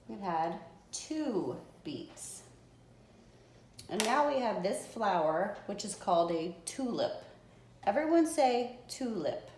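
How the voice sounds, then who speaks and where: A woman teacher giving a lesson to young children, patiently sounding out words and clapping syllables. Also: mid-range voice. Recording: echoey room with faint noise.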